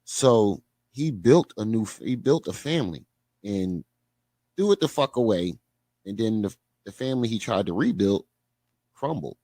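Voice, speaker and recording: A man's voice: lowish voice, expressive, dark tone, no room sound. A man hosting a reaction commentary, mocking and profane in a sarcastic drawl. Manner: sarcastic, profane, drawn-out mockery. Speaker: commentary host.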